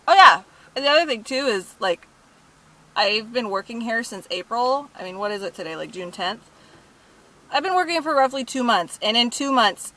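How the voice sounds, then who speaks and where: A young woman telling an indignant, profanity-filled story about her job at a thrift store in a casual vlog. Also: a little high. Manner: profane, indignant, animated retelling.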